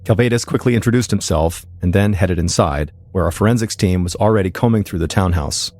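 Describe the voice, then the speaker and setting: A man hosting a podcast, telling a true-crime story in measured, suspenseful scripted narration. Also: on the low side, a little mellow.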